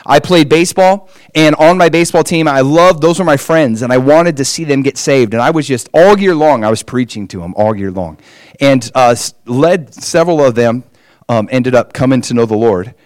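A man's voice: mid-range voice, normal speed, dry recording. A man preaching a personal testimony as a story, with emphatic rises in his delivery.

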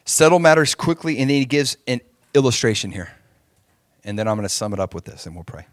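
A man preaching a sermon, moving between hushed asides and emphatic points and often checking in with the congregation. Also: mid-range voice, animated, fast talker, no room sound, clean studio sound. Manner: asks the crowd for agreement often. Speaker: pastor.

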